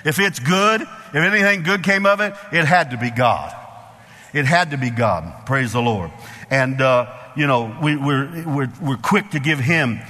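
A man's voice: medium pitch, a little slow, sharp tone. A man preaching a sermon as pastor, emphatic and repetitive, with call-and-response asides to the congregation. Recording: long hall reverb.

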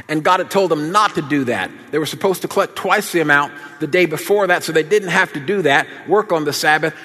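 Folksy preacher in an echoing hall. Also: male voice, on the high side. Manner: folksy, animated storytelling with laughter. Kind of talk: sermon with personal storytelling. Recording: long hall reverb.

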